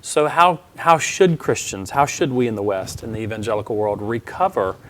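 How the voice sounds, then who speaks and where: A man's voice: fairly low pitch, normal speed, fairly bright tone. A man hosting an interview, framing and summarizing questions about theology for his guest. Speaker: interview host.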